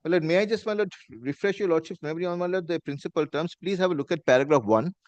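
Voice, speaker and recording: A man's voice: fairly high pitch, fast, no room sound, lo-fi sound. A man with an Indian English accent, an advocate making a formal courtroom argument and saying "my lord" again and again. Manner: formal, repeats "my lord" constantly. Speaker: advocate arguing before a judge.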